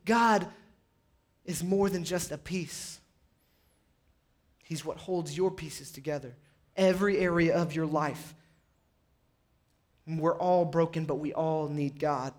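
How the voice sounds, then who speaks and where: A man preaching a sermon as pastor, rising to loud pleading peaks and dropping to quiet, low passages. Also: steady tone, slow, pauses often. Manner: impassioned, rises high and loud on pleas then drops low. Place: church sanctuary.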